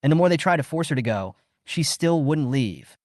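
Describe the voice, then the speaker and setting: A man reading a scripted story recap in steady storytelling narration. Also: a little high, moderate pace, dry recording, studio quality.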